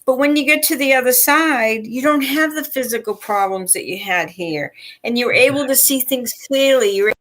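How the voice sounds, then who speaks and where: A woman hosting a livestream of psychic readings, explaining things calmly and reassuringly. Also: high voice, normal speed, few pauses. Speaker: host and psychic reader. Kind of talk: livestream chat.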